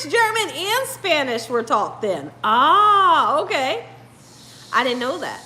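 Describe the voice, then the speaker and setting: A cooking show host with a high, sing-song voice speaks slowly in a bright, forceful tone. She chats casually with viewers on her live cooking stream, sounding tired. Comments make her giggle, and she laughs often.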